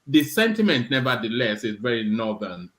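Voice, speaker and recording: A man on a discussion panel, measured and hesitant, weighing his words with fillers. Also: medium pitch, very animated, fairly bright tone.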